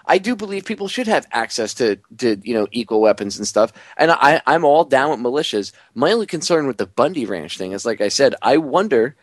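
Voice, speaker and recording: A man's voice: medium pitch, very animated, a little fast, few pauses, no echo. Male talk radio host, casual and slangy, sarcastic, dry close sound. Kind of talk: radio talk show discussion.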